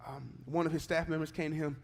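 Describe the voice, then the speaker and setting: A man delivers a church sermon in a notably high voice. He tells stories in a loose, conversational way and then rises into fervent, insistent preaching. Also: little pitch movement, fast talker, creaky. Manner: preaching, swings from conversational storytelling to fervent exhortation. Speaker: pastor. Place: church service.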